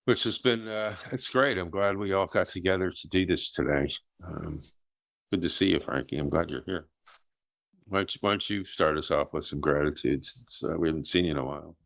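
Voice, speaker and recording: Very deep, gravelly group leader. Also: male voice, a little fast, a bit bright, dry recording. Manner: reassuring and easygoing. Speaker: group facilitator. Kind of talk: leading a support group.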